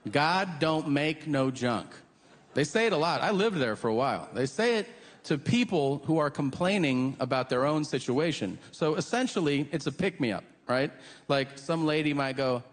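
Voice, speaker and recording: A middle-aged man performing a stand-up comedy set, animated and acting out characters in silly voices. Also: fairly high pitch, normal speed. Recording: long hall reverb with audience noise.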